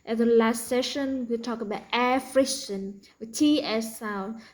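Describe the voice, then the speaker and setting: A woman with a Vietnamese accent teaching a pronunciation lesson, slowly repeating practice words for learners. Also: fairly high pitch, a little mellow, poor audio.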